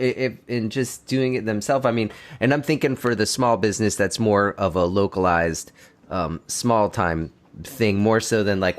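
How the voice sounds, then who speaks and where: A man co-hosting a podcast, asking the guest questions casually and rephrasing himself as he goes. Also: low voice. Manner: searching, restarts questions. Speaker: podcast co-host.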